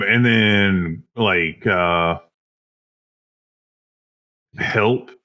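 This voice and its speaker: A man playing a tabletop game, hesitant and filling his pauses as he decides his moves. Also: lowish voice, a bit bright, clear, resonant tone. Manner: hesitant, lots of fillers. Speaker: player.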